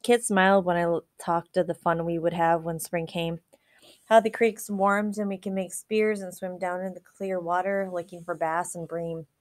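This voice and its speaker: A woman reading a novel aloud in a steady, even storytelling manner. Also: lowish voice, moderate pace, no echo, studio quality. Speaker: audiobook reader.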